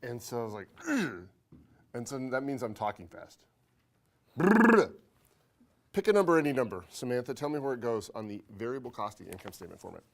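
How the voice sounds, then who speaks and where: A man lecturing an accounting class in a classroom, his pitch swinging up and down as he teases students. He talks fast and hyper, and his throat is dry from talking. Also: expressive, creaky. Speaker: accounting instructor.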